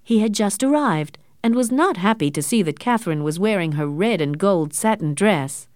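A woman narrating a storybook with clear, expressive reading and a lively, varied pitch. The recording is close and dry, with no room sound. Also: normal speed, no room sound. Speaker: audiobook narrator. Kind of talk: scripted narration of a graded reader.

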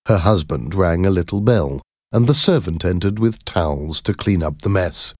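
A man reading a first-person story aloud in a slow, measured, clear way. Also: low voice, lively intonation, no room sound, clean studio sound. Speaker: narrator.

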